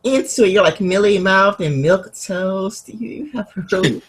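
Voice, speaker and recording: A woman conducts a relaxed interview in a husky, slightly breathy voice. She talks loosely and is full of fillers. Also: mid-range voice, normal speed, low-quality recording. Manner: chatty, full of "like" and "you know". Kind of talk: casual chat.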